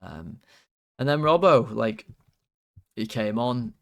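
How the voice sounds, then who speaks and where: A man's voice: mid-range voice, sing-song, takes it slowly, vocal fry. A man hosting a fan channel, rating players in a casual, rambling, exasperated way with lots of fillers.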